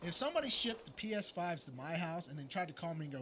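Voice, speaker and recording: Animated high-voiced gaming streamer man. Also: fast, few pauses, slight background noise. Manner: animated, argumentative, swears freely. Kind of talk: casual chat over gameplay.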